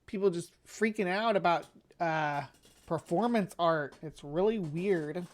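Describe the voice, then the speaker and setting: A woman with a fairly low voice gives casual commentary. She fires off sarcastic, teasing asides as a video plays. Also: a little slow. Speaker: co-host.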